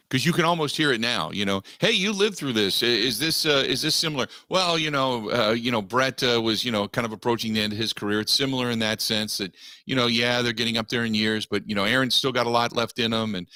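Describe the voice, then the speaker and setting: A man hosting a sports talk radio show, riffing animatedly and mock-quoting others in quick asides. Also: medium pitch, sharp tone, dry recording, studio quality.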